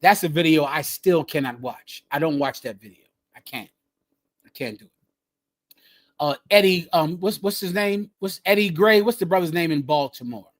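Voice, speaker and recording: A man leading a group and preaching in a fiery, emphatic way, repeating his phrases and swinging from loud bursts to hushed lines. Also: fairly high pitch, moderate pace, hardly any pauses. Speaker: group leader teaching scripture. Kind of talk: fiery street-style preaching.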